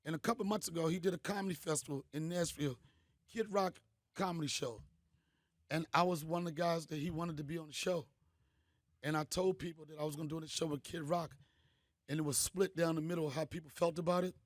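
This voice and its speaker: A middle-aged man, a comedian host, telling stories in a punchy, animated way. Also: on the high side, quick pace, no echo, studio quality. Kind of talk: storytelling monologue.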